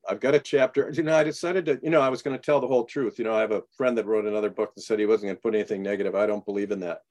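A man being interviewed as an author, telling animated stories and acting out the dialogue. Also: fairly low pitch, racing. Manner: animated anecdotes, acts out quoted dialogue. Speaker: guest author. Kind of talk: storytelling in a radio interview.

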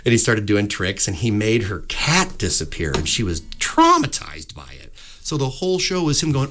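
A middle-aged man talking into a studio mic as a radio guest. He tells stories with animated swings in pitch and loudness and slips into playful voices for the people in them. His talk is loose and rambling, full of fillers. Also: brisk, few pauses. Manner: animated storyteller, acts out voices in anecdotes. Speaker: musician guest. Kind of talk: casual radio interview. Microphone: studio microphone.

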